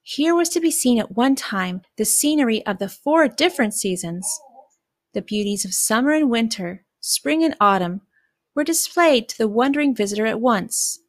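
A woman's voice: on the high side, lively intonation, moderate pace, no room sound, clean studio sound. Woman reading a fairy tale aloud. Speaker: narrator. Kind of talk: storybook reading.

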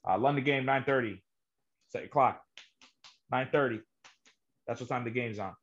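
A man hosting a casual sports podcast at a middling pitch. He rambles and fills pauses often. The audio is slightly muffled. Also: a bit bright. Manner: rambling, many fillers. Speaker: podcast host.

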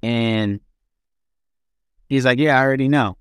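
A man's voice: medium pitch, measured pace, clear, resonant tone, no echo. A young man casually telling his life story as an interview guest, loose and rambling with many restarts.

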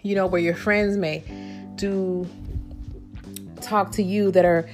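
Animated woman telling a personal story. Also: takes it slowly, soft background music. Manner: animated, indignant storytelling with pitch jumps. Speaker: vlogger. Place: home.

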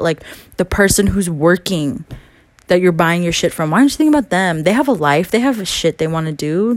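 Heavy emphasis and profanity drive this young woman's furious late-night monologue, delivered in a mid-range voice with no echo. Whenever she quotes others, she puts on a whiny, mocking impression.

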